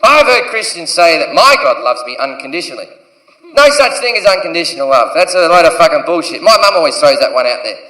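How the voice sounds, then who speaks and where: A man's voice: on the high side, sing-song, fast talker, bright, forceful tone, recorded from a distance. A man doing a crude, provocative, swearing stand-up set in a large venue. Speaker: stand-up comedian. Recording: echoey live comedy hall from afar.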